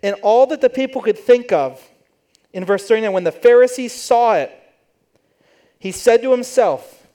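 A man's voice: sits high, animated, normal speed, long pauses, mellow. A man preaching in church, telling the story conversationally and acting out the quoted voices. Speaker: pastor. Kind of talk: sermon.

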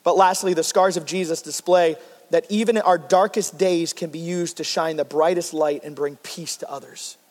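A man preaching a heartfelt sermon with a high, bright-pitched voice. His delivery swings from loud, emphatic peaks down to quiet, tender passages. The sound carries a long reverb from a large church hall. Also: fairly even intonation, normal speed. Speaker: pastor.

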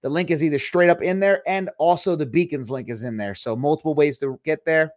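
A man hosting a Christian livestream show, talking in a chatty, rambling way with quick asides. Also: fairly high pitch, no echo, studio quality. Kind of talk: casual livestream chat.

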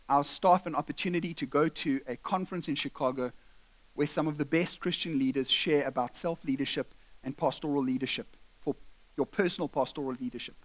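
A male pastor preaching a sermon, telling stories animatedly and acting out the people in them. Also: a little high. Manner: animated storytelling, acting out voices.

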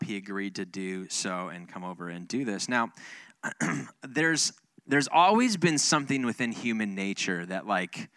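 A man's voice: lowish voice, pushed and bright, dry recording. A man in the role of a pastor, introducing a guest speaker in a chatty, joking way with many fillers. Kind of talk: casual sermon introduction.

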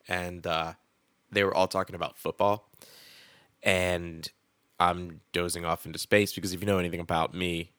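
A young man hosting a solo podcast with a head cold, rambling and swearing in a wired, excitable way. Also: deep voice, dry recording, studio quality. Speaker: podcast host.

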